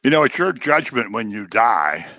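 A man preaching a sermon in a conversational way, with joking asides and animated delivery. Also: medium pitch, moderate pace, no echo.

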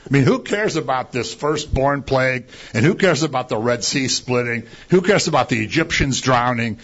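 A man's voice: medium pitch, moderate pace, few pauses, slightly rough. A man preaching a conversational sermon, acting out complaints and firing rhetorical questions. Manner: animated, acts out quoted complaints, rhetorical questions. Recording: dull lo-fi recording.

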